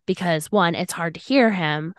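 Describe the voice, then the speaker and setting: A woman's voice: lowish voice, normal speed, no echo, studio quality. A young woman co-hosting a podcast, telling a dating story in a chatty way with many "like" fillers. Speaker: podcast co-host. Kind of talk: casual storytelling chat.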